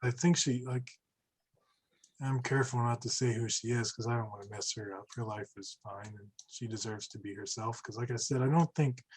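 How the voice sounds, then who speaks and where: A man's voice: medium pitch, darkish tone, breathy edge, rough recording. A young man chatting casually on a podcast, rambling and restarting his sentences often. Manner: rambling, self-interrupting, frequent restarts.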